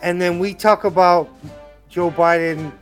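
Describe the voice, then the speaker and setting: A man co-hosts a comedy podcast, bouncing jokes off his friends. His voice sits a bit high and sounds excited. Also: a little slow, faint music behind. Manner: excitable, jokey. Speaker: podcast co-host. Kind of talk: casual comedic banter.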